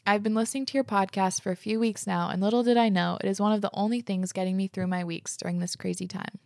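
Speaking briskly with almost no pauses, this woman hosts a podcast where she chats casually and reads listener letters, gushing and leaning on "like" all the time. Her voice is mid-range and creaky, recorded at studio quality with no echo.

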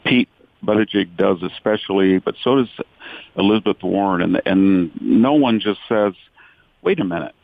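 A man as a guest commentator in a podcast interview, giving long, deliberate, opinionated answers. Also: sits low, vocal fry, no echo. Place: speaking from a rural county in California. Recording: tinny dry phone line.

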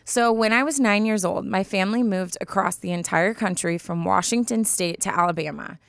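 Young woman, podcast co-host, casual rambling chat, smooth tone, dry close mic. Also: medium pitch, a little fast, no room sound. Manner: rambling, many restarts and likes.

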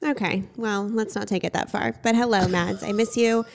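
A woman's voice: medium pitch, fairly even intonation, moderate pace, vocal fry. Blunt, swearing young woman podcast host. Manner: blunt, swears freely, teasing. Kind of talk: casual chat.

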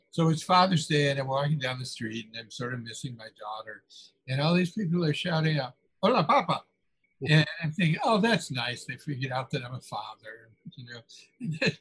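Husky older man telling stories. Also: medium pitch, poor audio. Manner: chuckling anecdotal storyteller with frequent restarts. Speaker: author guest. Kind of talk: conversational interview.

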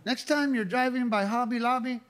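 A man's voice: very high-pitched, fairly quick, background noise. A middle-aged man from New Mexico doing a punchy, conversational stand-up set. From New Mexico, USA. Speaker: stand-up comedian. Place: comedy club stage. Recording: live club with loud crowd laughter.

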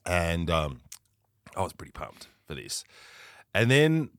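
Australian man, podcast co-host, lowish voice, rambling and self-mocking, swearing freely. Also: wildly swooping pitch, takes it slowly. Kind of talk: casual storytelling chat. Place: podcast studio.

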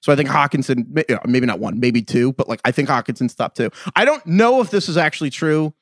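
Man, mid pitch, podcast co-host, animated and exasperated, dry close sound. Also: fairly quick, few pauses, dry recording. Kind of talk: casual podcast chat.

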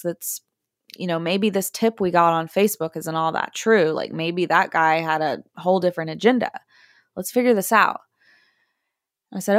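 A woman hosting a podcast, telling a story casually and acting out the quotes in hushed or high voices. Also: moderate pace, no room sound, studio quality. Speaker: podcast host.

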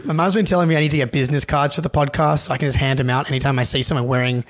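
Excitable young man telling a story. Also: medium pitch, racing. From Australia. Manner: animated, excitable, many restarts and fillers. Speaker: podcast co-host. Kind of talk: casual storytelling.

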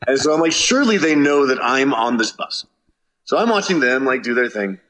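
A man casually telling a road story from a tour, animated and swearing, acting out his own shouts. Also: medium pitch, fairly quick. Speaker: touring musician.

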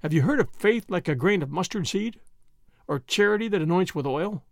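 A man doing a mild, quietly grave priest. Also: high-pitched, lively intonation, a little fast, gravelly, no echo, studio quality. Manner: vague, then quietly grave. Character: mild, gently odd little male priest.

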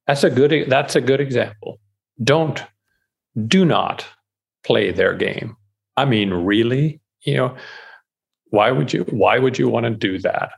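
Gravelly, husky man talking animatedly. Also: medium pitch, unhurried, pauses often. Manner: animated, repeats and restarts words, acts out quoted inner voices. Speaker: author guest. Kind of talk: casual podcast conversation.

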